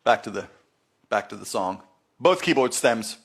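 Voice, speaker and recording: A man's voice: fairly low pitch, expressive, unhurried, gravelly. A man hosting a music live stream, telling rambling stories with heavy swearing in a laid-back way. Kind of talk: casual live-stream storytelling. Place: Los Angeles.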